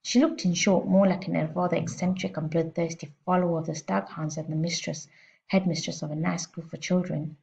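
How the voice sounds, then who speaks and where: Gravelly-voiced woman reading a storybook aloud. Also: fairly low pitch, fairly quick. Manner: expressive, steady reading. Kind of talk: storybook read-aloud narration. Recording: slightly muffled lo-fi recording.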